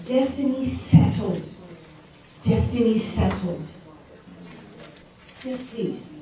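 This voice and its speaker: A woman's voice: fairly high pitch, lively intonation, slow, noisy background. A woman preaching a sermon to a room of women, emphatic and asking the audience questions directly. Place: large echoey meeting room. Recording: very echoey room, distant mic.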